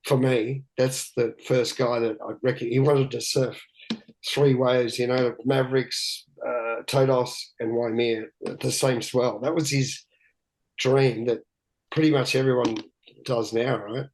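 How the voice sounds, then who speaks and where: A man's voice: mid-range voice, fairly even intonation, a little slow, rough recording. A man, a guest telling candid stories in a rambling, profane way with many restarts. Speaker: guest, big-wave surfer. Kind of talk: candid storytelling chat.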